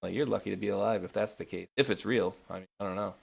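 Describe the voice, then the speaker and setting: New England male podcast host, low gravelly voice, casual chatty read. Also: quick pace. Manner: laid-back, chatty, laughs often, reads news aloud. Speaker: show host.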